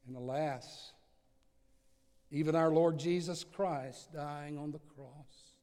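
Pastor, male, slightly high voice, slow deliberate sermon delivery, long hall echo. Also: fairly even intonation, mellow. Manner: slow, earnest preaching with dramatic swings in volume.

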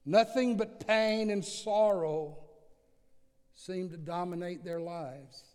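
Slow, earnest preacher man in a reverberant hall. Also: high voice, a little mellow, smooth. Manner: slow, earnest preaching with dramatic swings in volume. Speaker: pastor. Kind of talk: sermon.

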